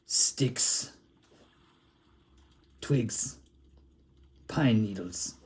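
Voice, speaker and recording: A man's voice: lowish voice, very slow, a little mellow, breathy edge, exaggerated voice. A man voicing a grimy male plague doctor from a back-alley town, rambling and crude in an improvised comic monologue. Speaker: artist improvising a comic story.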